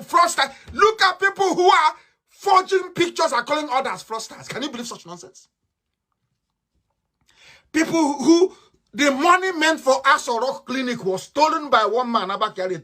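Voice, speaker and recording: A man delivers an impassioned political address, his pitch leaping and falling with great animation. He swings between shouted outbursts and low, muttered asides. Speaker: activist speaker.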